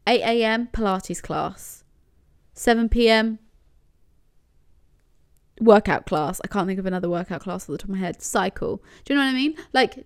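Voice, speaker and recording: A woman's voice: medium pitch, smooth. A young woman chatting casually through organising tips in a rambling, self-deprecating way. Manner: rambling, self-deprecating, full of fillers like "do you know what I mean". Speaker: lifestyle vlogger. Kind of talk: casual chatty advice vlog.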